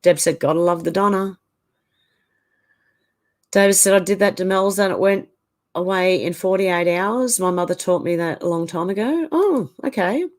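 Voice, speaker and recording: A middle-aged woman hosts a livestream in a casual chat, reading out viewer comments and reacting to each one with quick opinions. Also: on the low side. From Australia. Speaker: livestream host.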